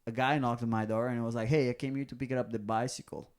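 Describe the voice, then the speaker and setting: A man's voice: medium pitch, fast talker, smooth. A man with a Brazilian accent, a comedian co-hosting a podcast, telling stories in casual chat and acting out the voices of people in them. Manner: animated storyteller, acts out quoted voices.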